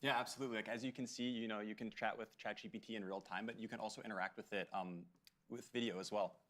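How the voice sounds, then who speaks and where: Fast-talking man in a tech demo. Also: on the low side, steady tone, fairly bright tone. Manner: quick, upbeat, casual. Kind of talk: live product demo.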